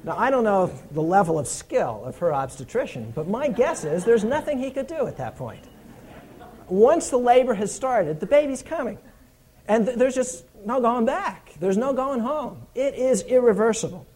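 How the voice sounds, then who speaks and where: A man's voice: big pitch swings, normal speed, slightly rough. Earnest man preaching a sermon. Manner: earnest, emphatic, repeats key points; drops to a low, hushed tone for stories.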